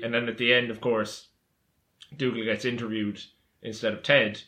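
A young man chatting casually, calmly retelling scenes from a sitcom. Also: on the low side, normal speed. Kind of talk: casual chat.

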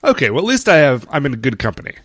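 A man co-hosting a podcast in casual chat, with dry, deadpan banter. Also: mid-range voice, fast talker, no room sound. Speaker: podcast co-host.

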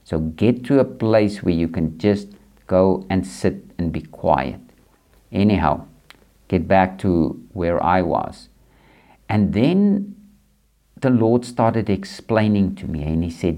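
A man's voice: low voice, very animated, slow pace, vocal fry, dark tone. A man hosting a podcast, speaking earnestly and repetitively in a reflective, faith-based monologue aimed straight at the listener. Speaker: podcast host.

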